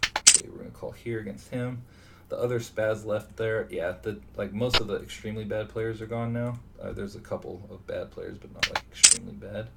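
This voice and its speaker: Gravelly low-voiced man muttering, distant mic. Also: a little fast. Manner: mutters to himself, thinking aloud. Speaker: online poker player. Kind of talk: live commentary on his own poker session. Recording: distant mic with steady background noise.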